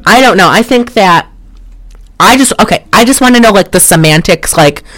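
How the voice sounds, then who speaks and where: A podcast co-host in a rambling, excitable, casual movie review chat, often laughing and swearing. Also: medium pitch, normal speed, no echo.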